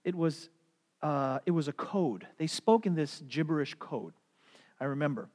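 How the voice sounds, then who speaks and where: A man's voice: on the high side, expressive, moderate pace, a little mellow. A middle-aged man preaches a sermon as the pastor, his slightly raised voice ringing through a long, reverberant church hall. He tells stories with animation and slips into playful voices along the way. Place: church sanctuary.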